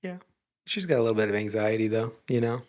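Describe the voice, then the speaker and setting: A man co-hosting a podcast in casual chat, laid-back and quick to laugh. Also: on the low side, expressive, a little mellow. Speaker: podcast co-host.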